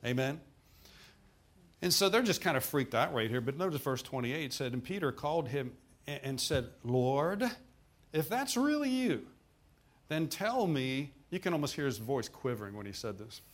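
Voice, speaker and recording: A man preaching a sermon in a folksy, dramatic way, often laughing and breaking into sudden loud bursts. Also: medium pitch, expressive, a little fast, slightly rough. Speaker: pastor.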